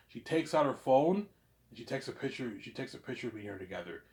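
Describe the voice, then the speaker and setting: He rambles on in a boastful, repetitive monologue, keeps tacking "obviously" onto his lines, and his voice leaps around with a lot of pitch movement. Loud bragging claims keep dropping to half-mumbled asides. He sits right in the middle for pitch. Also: expressive, quick pace. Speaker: vlogger.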